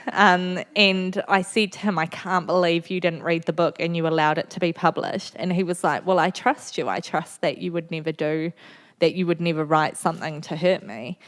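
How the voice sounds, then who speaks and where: New Zealand woman in her thirties, author guest, candid and laughing, lowish voice. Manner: candid, funny storytelling with frequent laughter. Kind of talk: festival stage talk. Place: festival venue before an audience.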